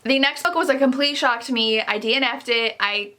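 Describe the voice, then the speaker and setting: A woman's voice: on the high side, brisk, pushed and bright. A young woman chatting casually about books she read this month, rambling and gushing, often exasperated. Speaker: book vlogger. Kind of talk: casual book review chat.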